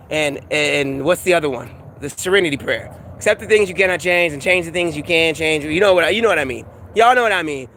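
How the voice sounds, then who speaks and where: A man ranting casually in a vlog, animated and profane, laughing often and repeating himself. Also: a little high, a little hiss or hum. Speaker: vlogger. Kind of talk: casual rant to camera.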